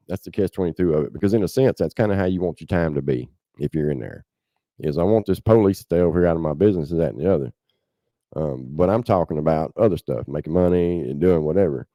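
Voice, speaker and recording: Deep-voiced impassioned Southern man. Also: warm tone, no room sound, studio quality. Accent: Southern American. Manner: impassioned, blunt, keeps saying "man". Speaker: podcast host. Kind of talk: casual livestream commentary.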